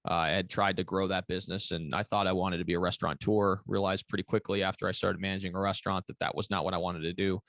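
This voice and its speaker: A man's voice: low voice, fairly bright tone, no room sound, studio quality. A man giving long, rambling interview answers as a commercial real estate broker, with many fillers and restarts. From Kentucky.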